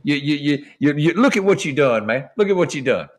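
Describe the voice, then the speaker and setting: A man's voice: on the high side, lively intonation, fairly quick. A man hosting a podcast in casual chat, emphatic and profane, repeating names as he talks. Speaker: podcast host.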